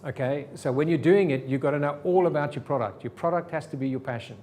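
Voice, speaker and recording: A man's voice: a little high, fast talker, darkish tone, slight background noise. A man teaching a sales seminar to a live audience, firing rhetorical questions at the room. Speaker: sales trainer.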